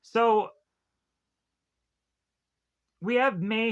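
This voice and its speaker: A man's voice: moderate pace, long pauses. A man casually retelling a film's plot as a reviewer, rambling with lots of fillers and restarts. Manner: mock-acts characters' lines with lively pitch jumps. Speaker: movie reviewer.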